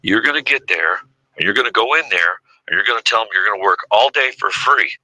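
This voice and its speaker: A man's voice: fairly low pitch, expressive, a little fast, bright, forceful tone, no room sound, voice pushed up, full character voice, rough recording. A man quoting a blunt old-school sponsor, commanding. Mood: firm. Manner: clipped, commanding orders. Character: blunt older male AA sponsor, no-nonsense.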